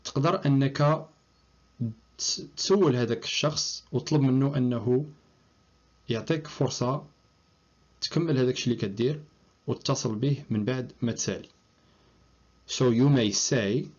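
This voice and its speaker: A man with a Moroccan accent teaching English phrases, reading model sentences slowly and checking in with "okay?". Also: mid-range voice, a little mellow, highs cut off. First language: Moroccan Arabic. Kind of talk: language lesson, switching between English and Moroccan Arabic.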